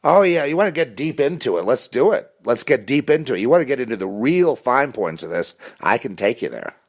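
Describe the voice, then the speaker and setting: A man putting on a high sing-song taunting stranger. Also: very animated, fairly quick. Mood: goading. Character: sarcastic taunting stranger, mock-friendly adult.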